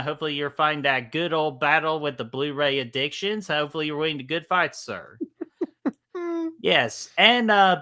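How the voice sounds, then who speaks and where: Bright-voiced Southern man chatting on stream. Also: fairly high pitch. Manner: greets chat by name, laughs often, swears casually. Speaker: co-host of a live Q&A stream. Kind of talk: casual live stream chat.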